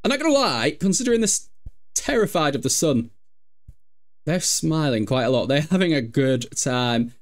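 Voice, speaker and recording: Brief: young male streamer, raised voice, animated and giggly, bossing his game characters around. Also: a little high, moderate pace. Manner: excitable, laughing often, shouting at game characters. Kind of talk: casual game commentary. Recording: faint music behind.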